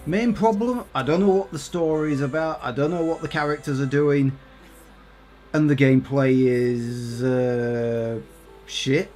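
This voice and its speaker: A man's voice: medium pitch, fairly even intonation, a little slow, a little mellow, soft background music. A man doing casual, exasperated game commentary with plenty of swearing. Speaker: gaming YouTuber.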